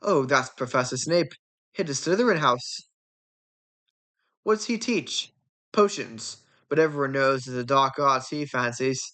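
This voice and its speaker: A self-important teenage prefect, as a woman puts him on, explaining with a knowing air. The voice drops below her own and moves slowly. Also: rumbling low, a bit bright, pitched below the performer's own voice. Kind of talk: fan reading of a film script.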